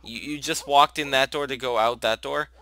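Soft music plays beneath this young gaming channel host's relaxed commentary on a life-sim let's play, where he talks to his characters and gushes over cute moments. He keeps a medium pitch, a steady tone and a moderate pace.

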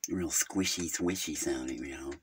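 A man's voice: extremely low pitch, normal speed, a little hiss or hum. A man playing a rambling, gossipy male Jehovah's Witness who halts, hums and giggles at his own crude jokes in an improvised comedy monologue.

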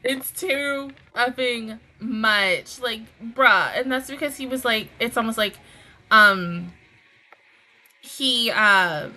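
Female reaction host, brightish higher voice, gushy and giggly, casual slang delivery. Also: slow pace. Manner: gushing and giggly, breaks into laughter; chatty with slangy asides. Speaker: anime reaction channel host.

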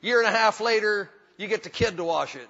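Folksy preacher with a bright, high voice. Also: male voice, fairly quick. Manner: folksy, emphatic preaching with repetition and humor. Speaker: pastor. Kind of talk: sermon. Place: church sanctuary. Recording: dull hall recording with long reverb.

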